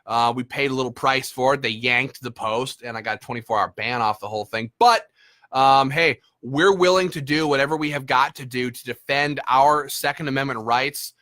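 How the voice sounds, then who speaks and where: A man's voice: medium pitch, normal speed, sharp tone. A man leading a gun rights group, giving combative, emphatic political commentary with frequent fillers like "uh".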